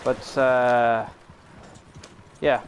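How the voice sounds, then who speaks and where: Young man, from the UK, game streamer, rambling casual chat, mid-pitched voice. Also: flat delivery, extremely slow, a little hiss or hum. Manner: rambling, chatty, talks to viewers while playing.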